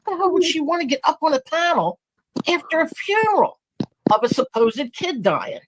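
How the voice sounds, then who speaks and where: A woman's voice: high-pitched, very animated, moderate pace, a little hiss or hum. A woman in a live group chat, talking indignantly and defending herself against someone she accuses. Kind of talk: casual heated chat.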